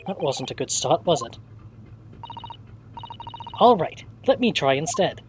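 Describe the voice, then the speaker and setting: A man's voice: a little high, sing-song, unhurried, long pauses, slight background noise, rough recording. A man streaming a game, making chatty, joking asides. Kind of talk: game livestream commentary.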